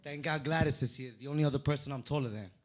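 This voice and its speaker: A man from the Dominican Republic doing a stand-up comedy set on a club stage into a handheld mic, telling stories with punchy, animated delivery. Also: medium pitch, quick pace, noisy background. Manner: punchy, animated storytelling with acted-out voices.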